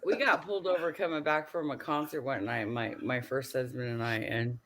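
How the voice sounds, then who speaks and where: A woman's voice: a bass voice, steady tone, a little fast, crowd noise. An older woman, a grandmother, chatting casually and telling a story, acting out the people she quotes and laughing often. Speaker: host.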